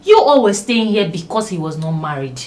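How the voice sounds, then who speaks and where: A woman's voice: medium pitch, big pitch swings, moderate pace, lightly acted. An actress with a Nigerian accent playing an arrogant young bride who orders her in-laws out. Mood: scornful. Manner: scornful, bossy, shouting. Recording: noisy background.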